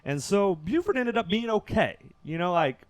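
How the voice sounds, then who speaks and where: Young man, podcast storytelling, lively swooping voice, dry close sound. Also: high-pitched, normal speed, dry recording. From Kentucky, USA. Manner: animated, acts out quotes, laughs through the telling. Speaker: podcast guest.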